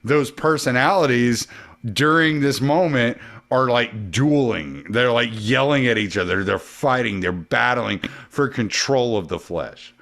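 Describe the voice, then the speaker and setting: A man with a mid-range voice talks loosely in a casual podcast chat, a few drinks in. He gets animated and swears freely while thinking out loud. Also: medium pitch, measured pace, vocal fry. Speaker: podcast guest or host. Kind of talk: casual conversation.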